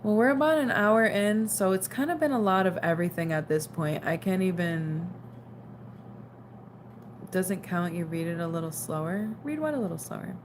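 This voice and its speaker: A woman's voice: lowish voice, normal speed, a little hiss or hum. A young woman casually chatting on a late-night livestream, reading out viewer comments and sounding tired. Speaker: livestream host.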